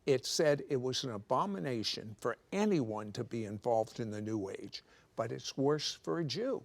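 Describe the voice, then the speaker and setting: A man telling his life story in a studio interview, animated and teasing, with jokes slipped between serious moments. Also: medium pitch, moderate pace, creaky. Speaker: guest telling his testimony. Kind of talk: conversational testimony. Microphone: clip-on microphone.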